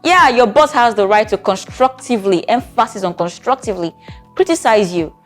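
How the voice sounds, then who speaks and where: A woman's voice: fairly high pitch, lively intonation, brisk, faint music behind. Woman giving chatty therapist advice. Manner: conversational, with frequent rhetorical check-ins. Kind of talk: talking-to-camera advice video.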